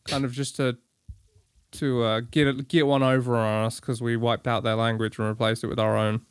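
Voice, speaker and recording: A man's voice: medium pitch, little pitch movement, moderate pace, clear, resonant tone, dry recording, studio quality. An Englishman co-hosting a podcast, chatting casually in a crude, joking, rambling way. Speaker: podcast co-host. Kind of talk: casual chat.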